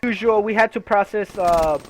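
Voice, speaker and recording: A young man with a voice a bit higher than most, telling a long, rambling story from work. He swears freely and fills every gap with "you know" and "uh". Faint game gunfire sits behind him. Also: normal speed, slight background noise. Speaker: gaming video creator. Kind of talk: casual storytelling over gameplay.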